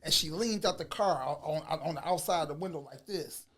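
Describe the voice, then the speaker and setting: A man telling a personal story in a casual, slangy way, swinging from low mutters to loud bursts. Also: brisk. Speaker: vlogger.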